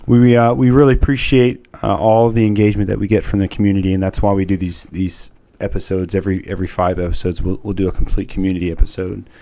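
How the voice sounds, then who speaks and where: A man co-hosting a casual podcast, earnest and a little halting as he thanks listeners. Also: sits low, flat delivery, mellow, no echo. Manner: earnest, repeats words as he talks. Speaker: podcast co-host.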